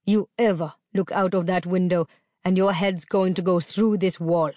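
A woman's voice: lowish voice, fairly even intonation, a little slow, a little mellow, no echo, clean studio sound, natural voice. A woman reading aloud, putting on the voice of a brutal, menacing man who snarls out demands.

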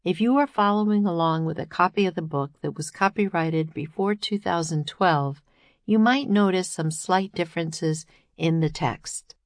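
A woman, the author, reading her own children's book aloud in a gentle, expressive storytelling manner. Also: fairly low pitch, moderate pace, no echo, studio quality. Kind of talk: children's audiobook narration.

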